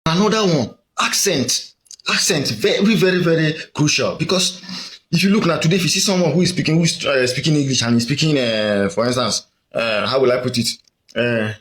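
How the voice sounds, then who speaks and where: A man's voice: fairly high pitch, animated, fairly quick, fairly bright tone. A man with a Nigerian accent giving a casual, rambling monologue, full of fillers and questions to the listener. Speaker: commentator.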